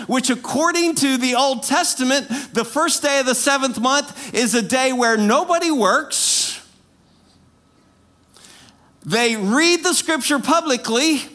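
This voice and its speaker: A man preaching a sermon with animated, self-mocking asides that sink into quiet, intense passages. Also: very high-pitched. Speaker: pastor.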